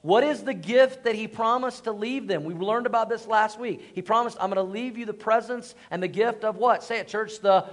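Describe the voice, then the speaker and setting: Male pastor with a high voice preaching, animated and self-mocking, prompting call-and-response. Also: normal speed, few pauses. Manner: animated storytelling with self-deprecating humor; calls for congregation responses. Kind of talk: sermon.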